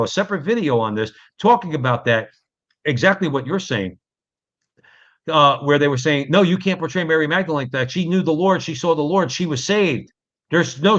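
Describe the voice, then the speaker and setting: A man's voice: medium pitch, a bit bright. A man co-hosting a podcast, explaining points in casual talk and checking in with "okay?". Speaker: podcast co-host. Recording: dull lo-fi podcast audio.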